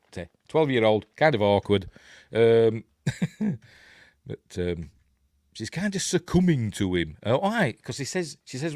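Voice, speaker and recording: Very animated, this middle-aged film reviewer from Yorkshire speaks at normal speed in a mid-range, darkish voice. His casual breakdown rambles with chuckles and tangents, captured in a dry, clean studio recording.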